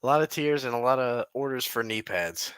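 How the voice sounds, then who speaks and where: A man's voice: mid-range voice, animated, a little fast, fairly bright tone, clear, resonant tone, dry recording. A young man co-hosting a podcast in casual, crude joking chat, giggling often. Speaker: podcast co-host.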